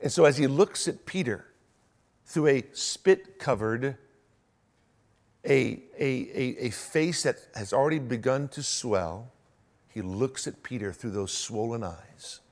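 A man preaching a sermon in an animated way, swinging between hushed and loud delivery and often repeating words as he goes. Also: medium pitch.

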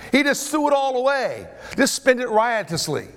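A man preaching a sermon in an animated way, often checking in with his listeners. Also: very high voice, moderate pace. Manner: animated, asks the audience questions.

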